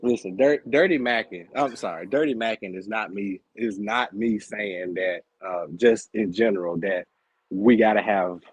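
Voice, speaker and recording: A man's voice: lowish voice, normal speed, breathy edge. A man talking earnestly in a casual livestream chat, repeating his points to drive them home.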